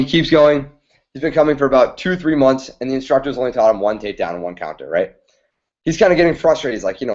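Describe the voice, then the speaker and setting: A man's voice: mid-range voice, darkish tone. Stream host, man, chatty storyteller, muffled lo-fi sound. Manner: chatty, keeps checking in with listeners with "right?". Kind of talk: casual storytelling. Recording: dull lo-fi stream audio.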